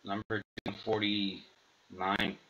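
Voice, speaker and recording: A man opening packs of hockey cards, slowly reading out each player's name and number. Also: on the low side, little pitch movement, sharp tone. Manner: halting, reads names and numbers aloud. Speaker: card collector opening packs. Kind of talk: slow unboxing commentary. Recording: dull lo-fi sound with faint noise.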